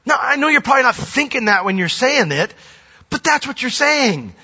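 A pastor preaching a sermon, lively and animated, often acting out voices. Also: male voice, very high voice, moderate pace, slightly rough. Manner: animated, acts out quoted voices. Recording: dull recording with long hall reverb.

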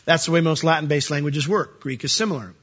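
Bright-voiced preacher teaching verse by verse. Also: male voice, fairly high pitch, fast, breathy edge, highs cut off. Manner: conversational, asks the listeners questions. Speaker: pastor. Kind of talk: verse-by-verse sermon.

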